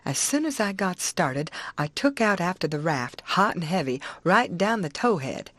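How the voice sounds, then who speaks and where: A woman narrating an audiobook in a steady, folksy storytelling manner. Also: on the low side, normal speed, no echo.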